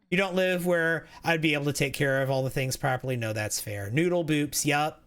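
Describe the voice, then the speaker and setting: A man's voice: a little high, brisk, hardly any pauses, a bit bright. A man streaming a game, chatting casually in a rambling way, reading chat aloud and often restarting his sentences.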